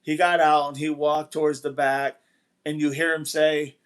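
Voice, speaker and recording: A man hosting a casual live stream speaks in a smooth, high-sided voice, level in tone and at normal speed. He rambles, says things more than once and greets people from the chat as he reads it.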